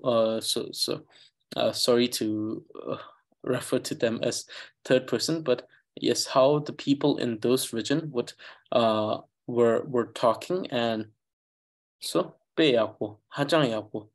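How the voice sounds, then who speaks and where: Halting man teaching an online language class. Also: medium pitch. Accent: Eastern Tibetan. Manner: halting, many fillers, thinks aloud while explaining. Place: online class, video call.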